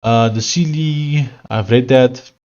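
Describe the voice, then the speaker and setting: A young man live-streaming his coding work, thinking aloud and reading out chat in a loose, halting way with many fillers. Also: medium pitch, a little mellow, lo-fi sound. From South Africa. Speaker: live-streaming software developer.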